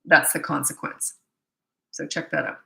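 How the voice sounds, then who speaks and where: Middle-aged parenting coach lady, blunt and chatty, lowish bright voice, echoey room. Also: fairly even intonation, creaky. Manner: blunt, chatty, frequent "anyway" asides and quick laughs. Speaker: parenting coach and channel host. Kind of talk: casual Q&A monologue with anecdotes.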